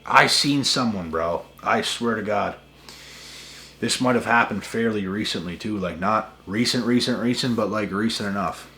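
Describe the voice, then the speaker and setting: A man's voice: on the low side, normal speed, creaky, sharp tone, a little hiss or hum. A man hosting a spiritual channel, ranting to camera in an emphatic, repetitive way with a lot of swearing. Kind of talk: casual rant to camera.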